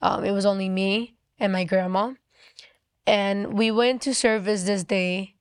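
Brief: young woman recounting a faith testimony, casual and rambling, mid-pitched, dry. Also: fairly even intonation, clean tone, no room sound. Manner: quick and chatty, full of "like". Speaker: guest sharing a testimony. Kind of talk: personal testimony storytelling.

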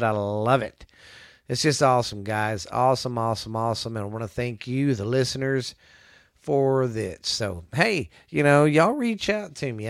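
A man's voice: creaky, no echo, clean studio sound. A man hosting a spooky podcast in a rambling, casual way. He has a stuffy nose from a sinus cold and keeps repeating himself. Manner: rambling, repeats himself, drops to a low murmur for spooky effect. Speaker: podcast host. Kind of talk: casual chat.

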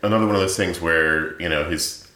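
Very deep-voiced man, bright tone. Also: steady tone, brisk. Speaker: podcast co-host. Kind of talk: casual book discussion. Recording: roomy echo.

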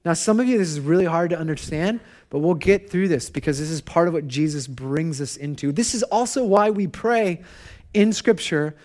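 A man in his thirties, a pastor, giving a conversational sermon and telling personal stories in an animated way. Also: a little high, normal speed.

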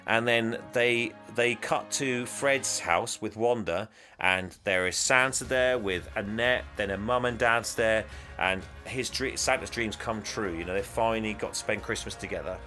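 A man co-hosting a podcast, casually recapping a movie in a rambling, animated way. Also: on the low side, a little slow, hardly any pauses, soft background music. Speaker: podcast co-host. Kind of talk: casual film recap chat.

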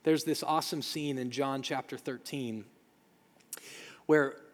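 A man's voice: mid-range voice, fairly even intonation, unhurried. A man preaching a sermon as a pastor, earnest and emphatic, repeating phrases for weight. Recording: long hall reverb.

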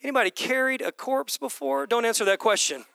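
A man preaching a sermon to his congregation, animated, swinging between loud bursts and hushed whispers. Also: extremely high pitch, brisk, gravelly, slight background noise. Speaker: pastor. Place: church hall with congregation.

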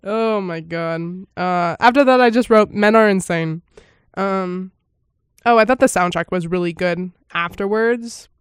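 Woman vlogger, rambling reaction talk full of fillers and laughs, mid-pitched, dry close sound. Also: unhurried, smooth, no echo. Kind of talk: casual first-reaction commentary.

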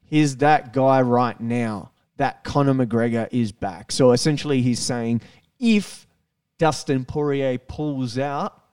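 An Australian man co-hosting a podcast, talking sport in a blunt, excitable way and swearing freely. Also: mid-range voice, slow pace, clean tone, no echo, clean studio sound, distant mic. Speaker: podcast co-host. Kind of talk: casual chat.

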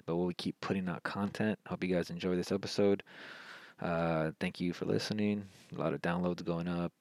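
Deep gravelly male podcast host. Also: fairly even intonation, moderate pace, no echo, poor audio. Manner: rambling, with restarts. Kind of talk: solo political podcast monologue.

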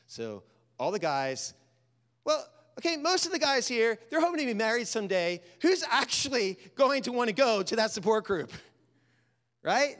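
A man preaching a sermon, telling a story and urging his listeners, talking casually and building to loud, animated exhortation. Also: sits high, normal speed. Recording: reverberant hall.

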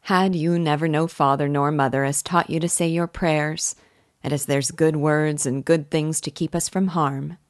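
Pious chatty village wife in broad rustic dialect, voiced by a woman reader; low voice, dry close sound. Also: steady tone, normal speed, no echo, natural voice. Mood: gentle. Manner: rustic country dialect, homely and earnest.

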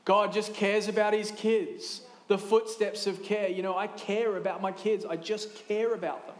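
A man in his thirties preaching a sermon in a lively, conversational way, with quick asides and restarts. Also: high-pitched, reverberant. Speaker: pastor.

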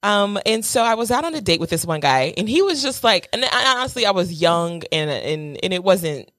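A woman's voice: mid-range voice, very animated, fairly quick, a bit bright, dry recording, clean studio sound. A young adult woman co-hosting a podcast, telling a story in a playful, casual way and acting out what others said. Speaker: podcast co-host.

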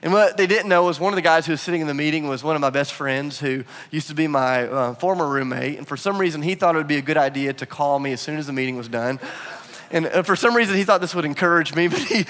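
A man preaching a sermon, telling a personal story with animated, acted-out quotes. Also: on the high side, fast talker. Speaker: pastor. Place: church hall. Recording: long hall reverb.

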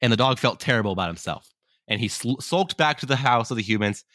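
A man's voice: mid-range voice, lively intonation, fast talker, a bit bright, no room sound, clean studio sound. A man co-hosting a podcast, casually telling a long story and often correcting himself as he goes. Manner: rambling, self-correcting. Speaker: podcast co-host.

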